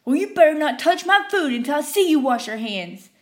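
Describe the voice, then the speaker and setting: A woman's voice: sits high, very animated, fairly quick, pitched above the performer's own voice. A woman voicing a suspicious, condescending male customer who accuses a worker of not washing her hands. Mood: accusing.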